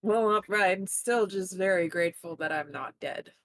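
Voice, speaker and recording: A woman's voice: medium pitch, moderate pace, fairly bright tone, no echo. Wry playful woman player. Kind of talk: in-character roleplay.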